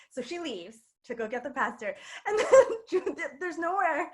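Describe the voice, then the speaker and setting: Her high voice swings widely in pitch, moving at a moderate pace with hardly any pauses. A New York woman, she shares a personal story at a storytelling night in a queer bookstore's event space, chatty, laughing, and full of fillers.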